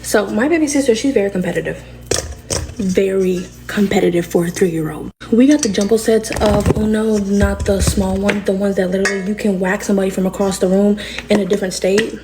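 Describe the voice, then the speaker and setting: A young adult woman telling a funny family story in a casual storytime vlog, animated and dramatic, talking straight to her viewers. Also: mid-range voice, a little fast, noisy background. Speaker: storyteller vlogger.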